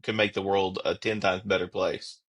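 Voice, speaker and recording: A man who is a police officer and podcast guest, explaining his views in a steady, reflective way. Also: deep voice, normal speed, slightly rough. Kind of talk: casual conversational interview.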